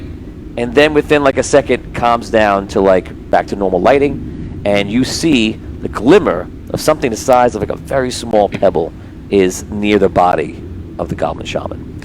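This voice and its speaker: A man's voice: mid-range voice, normal speed, a little hiss or hum, poor audio. A man narrating a tabletop game as game master on a live stream, rambling with many restarts.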